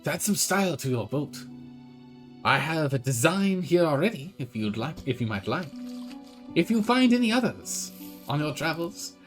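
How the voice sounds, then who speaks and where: A man's voice: a little high, sing-song, moderate pace, a bit bright, soft background music. A man putting on a wobbly French-Scottish painter. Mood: obliging. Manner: wobbly put-on accent, French drifting into Scottish. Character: genteel male painter who decorates boats.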